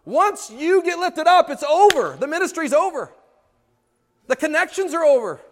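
A man preaching a sermon with passion, swinging between loud pleading and hushed asides, and asking the congregation rhetorical questions. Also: very high voice, expressive, normal speed, slight background noise. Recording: long reverb of a church hall.

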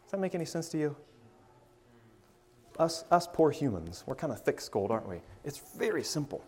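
A man preaching an informal sermon, stammering over restarts and swinging from loud to hushed. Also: on the high side, big pitch swings, a little fast, breathy edge, big-room sound. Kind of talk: conversational sermon.

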